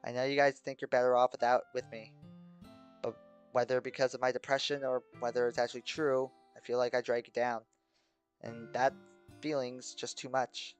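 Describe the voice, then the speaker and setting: A man's voice: medium pitch, flat delivery, faint music behind, natural voice. A man voicing a worn-out, despairing teenage girl. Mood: resigned. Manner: quiet, halting, apologetic.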